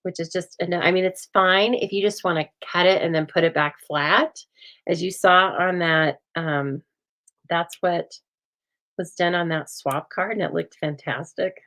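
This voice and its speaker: A woman hosting a casual craft demonstration, chatty and often laughing, with a calm, soothing voice and a dry deadpan humor, recorded on a phone. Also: lowish voice, moderate pace, rough recording. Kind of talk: casual chat during a craft demo.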